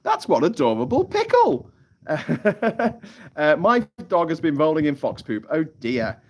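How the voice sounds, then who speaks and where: A man's voice: fairly high pitch, wildly swooping pitch, a little slow. A man hosting a live stream from outdoors, rambling, swearing and laughing as he reads out viewer comments. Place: hammock on an island lagoon, outdoors.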